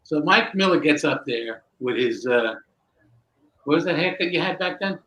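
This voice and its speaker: A man telling a long anecdote in a casual interview, lively and acting out the people in his story. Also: fairly high pitch, moderate pace, poor audio. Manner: animated, acts out dialogue. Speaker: guest magician.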